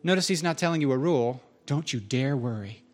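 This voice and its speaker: A man preaching a sermon in a conversational, animated way, joking with the congregation in a church hall. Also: mid-range voice, a little fast. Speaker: pastor.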